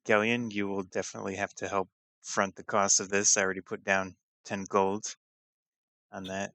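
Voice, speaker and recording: A man playing a tabletop game, low-key and a bit hesitant, at times speaking as his character. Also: flat delivery, normal speed, bright, forceful tone, no echo. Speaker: player. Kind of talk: casual tabletop chat, some in-character talk.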